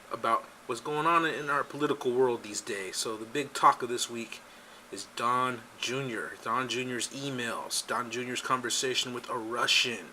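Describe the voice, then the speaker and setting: Guy hosting his own political show, bright sharp voice, sarcastic and chatty, middle pitch. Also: a little hiss or hum. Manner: animated, repeats himself, sarcastic. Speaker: political talk show host. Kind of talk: casual political commentary. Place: home studio in California.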